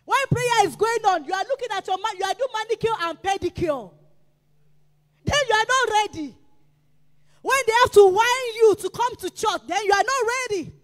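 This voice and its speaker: A woman preacher delivering a sermon, emphatic and repetitive, rising to shouts. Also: very high-pitched, normal speed, big-room sound. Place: church.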